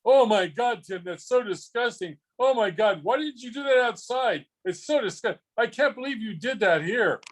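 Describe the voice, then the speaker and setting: A high, showy voice of a prankster buddy faking outrage, as a man puts it on. Every line comes out loud and scandalized, pushed well above his normal speaking pitch. It plays as theatrical mock horror heard over a video call. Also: animated, normal speed, few pauses, low-quality recording. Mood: mock shock. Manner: loud fake shock, exaggerated outrage. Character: friend feigning loud disgusted shock, male.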